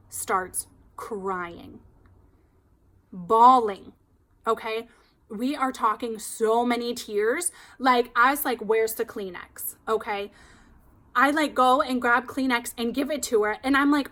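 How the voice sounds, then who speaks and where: Woman hairstylist, higher voice, chatty and animated, casual storytelling. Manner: chatty, animated, heavy use of "like".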